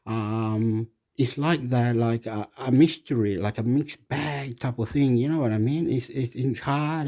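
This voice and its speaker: A man's voice: medium pitch, mellow. A man from Chile with a Chilean Spanish accent, Spanish his first language, rambling hesitantly with many fillers in a casual monologue as host of his own channel.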